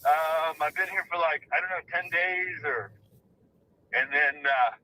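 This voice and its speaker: A man's voice: a little high, unhurried, pushed and bright. A man calling in from the desert, out of breath while walking, rambling with many fillers. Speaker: volunteer searcher calling in. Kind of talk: casual phone call. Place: outdoors in the desert. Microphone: phone call. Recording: distant, noisy phone line.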